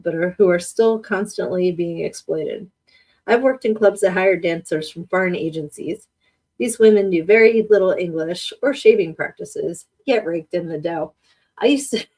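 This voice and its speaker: A woman's voice: on the low side, gravelly, mellow. A woman hosting a casual live podcast, chatting and joking with her audience and laughing often. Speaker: podcast host. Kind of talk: casual live-stream chat.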